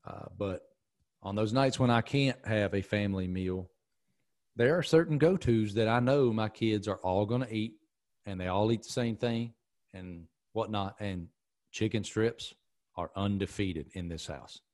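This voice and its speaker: Man, low, animated storyteller. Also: unhurried. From American South. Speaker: podcast host. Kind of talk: casual chat.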